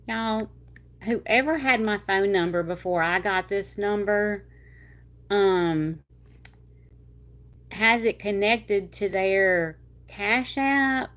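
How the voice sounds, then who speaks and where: A rambling, chatty woman with a Southern drawl from North Louisiana, hosting a casual livestream. Her voice sits a little low for a woman, and she stretches out words and tosses in y'all as she reads comments. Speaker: livestream host. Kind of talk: casual chat reading viewer comments.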